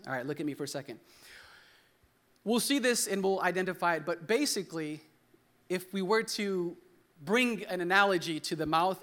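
A young man preaches a sermon in a church hall, loose and joking, restarting sentences and calling on the congregation to repeat words back to him. His voice sits high, a bit bright and animated, at a moderate pace.

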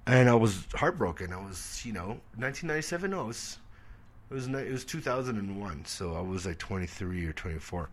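A man in his forties telling stories in a casual interview, animated and swearing freely, acting out the people in his stories. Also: lowish voice, fairly quick. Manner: animated storyteller, acts out quoted voices, swears freely. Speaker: comedian guest.

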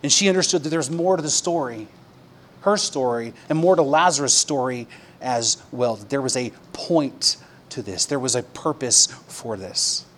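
A man preaching a sermon, conversational with fillers, dropping to a hush and then rising to emphatic peaks. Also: medium pitch, normal speed, a little hiss or hum. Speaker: pastor.

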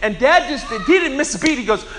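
Bright high-voiced preaching man. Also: lively intonation, fairly quick, a little hiss or hum. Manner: storytelling, emphatic, acts out quotes. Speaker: pastor. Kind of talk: sermon.

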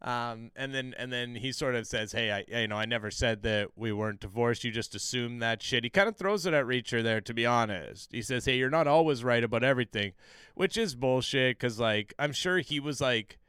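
A man's voice: mid-range voice, a little fast, a bit bright, clean tone, no echo, clean studio sound. A man co-hosting a podcast, recapping a TV episode in casual, profane chat full of fillers and restarts.

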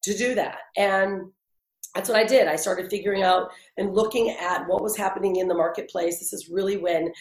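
A woman in her forties telling her life story in an interview, chatty and animated, with many fillers and restarts. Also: medium pitch, moderate pace, echoey room. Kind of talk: conversational storytelling.

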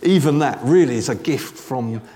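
A man preaching a sermon in a conversational, animated way, dropping joking asides to a congregation that answers back. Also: mid-range voice, moderate pace. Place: church service with congregation responding.

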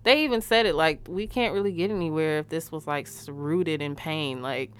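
Smooth-voiced woman chatting on a podcast. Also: low-pitched, normal speed. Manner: candid, animated, profane. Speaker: podcast co-host. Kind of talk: casual chat.

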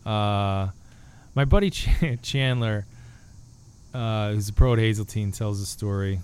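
A man's voice: lowish voice, unhurried, darkish tone, slight background noise. A man talking as a guest author in a casual podcast chat, joking and rambling with restarts.

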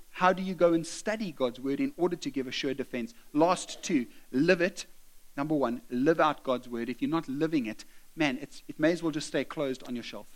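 A man with a notably high-pitched voice delivers a sermon in an earnest, direct way. He exhorts his listeners and breaks into chatty asides. He sounds middle-aged. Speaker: preacher.

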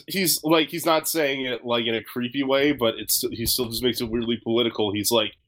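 A man's voice: medium pitch, a bit bright. A man hosting a podcast, telling a story in a rambling, casual way with lots of fillers and swearing. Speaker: podcast host.

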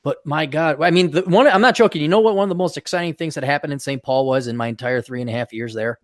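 A man hosting a podcast in casual chat, pitched a little above the usual male range. He tells animated, rambling stories full of restarts, on a dry, close studio mic. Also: quick pace, no echo. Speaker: podcast host.

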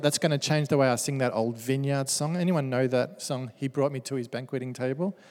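A male pastor delivers a sermon in an animated, joking way, reading verses and then riffing on them. His voice sits in a middle pitch. The sound trails off in the long reverb of a church hall. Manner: animated and joking, reads verses aloud with playful asides.

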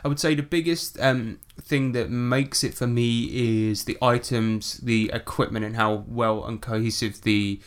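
A man's voice: medium pitch, fairly even intonation, a little slow, hardly any pauses, smooth. Chatty man with fillers. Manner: chatty, laughs often, many fillers. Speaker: game master and podcast co-host. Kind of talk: casual podcast chat.

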